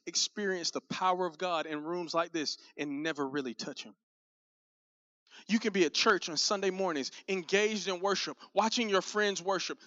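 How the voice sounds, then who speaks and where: A man who is a pastor, preaching a sermon in an animated, conversational way. He speaks straight to the congregation and does comic voices for the people in his stories. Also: high-pitched, dry recording. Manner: conversational, addresses the congregation directly. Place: church sanctuary. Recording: dull, muffled sound with faint music.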